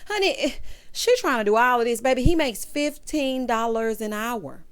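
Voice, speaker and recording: Sassy, animated woman recapping a show. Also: fairly high pitch, moderate pace, clear, resonant tone. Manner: sassy, animated, calls listeners honey and child, breaks into laughs. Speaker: reality TV recap host. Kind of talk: casual chatty recap commentary.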